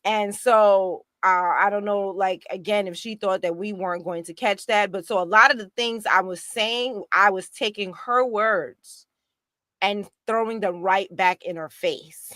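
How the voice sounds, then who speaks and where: Animated indignant woman, dry close sound. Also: mid-range voice, unhurried, no room sound. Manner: animated, indignant, many restarts. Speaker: guest activist. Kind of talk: casual political discussion.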